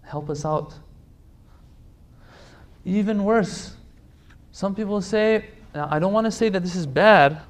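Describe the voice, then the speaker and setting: A man's voice: sits high, slow pace, long pauses. A man giving a religious lecture to a congregation, emphatic, repeating phrases for stress and pleading directly with his listeners.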